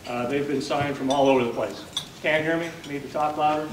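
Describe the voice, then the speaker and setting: A man's voice: fairly high pitch, fairly even intonation, a little fast, noisy background. A man hosting a policy luncheon, giving a plain, conversational introduction with frequent filler words. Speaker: event host introducing a speaker. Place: banquet hall at a lunch event. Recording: roomy, distant mic with clinking dishes.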